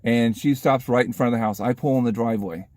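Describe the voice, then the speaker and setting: A man casually telling a funny anecdote in a vlog, lively and chatty, laughing at his own story. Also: medium pitch, quick pace, dry recording, studio quality.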